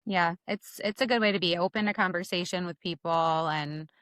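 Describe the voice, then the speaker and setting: A woman's voice: fairly low pitch, normal speed, a bit bright, no room sound, studio quality. A woman co-hosting a podcast, chatting casually and encouraging the others. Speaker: podcast co-host. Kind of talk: casual chat.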